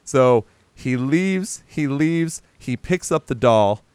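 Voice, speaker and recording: A man's voice: medium pitch, slow pace, smooth, dry recording. Casual man recapping a film. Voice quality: animated retelling, acts out characters in a raised voice, swears. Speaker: podcast co-host. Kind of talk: casual movie recap chat.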